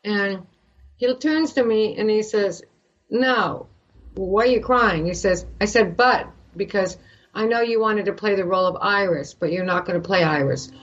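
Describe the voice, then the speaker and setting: An older woman from Canada, an actress guest, telling an animated story and acting out the voices of the people in it. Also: medium pitch, normal speed, lo-fi sound. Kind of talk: animated anecdote in a podcast interview.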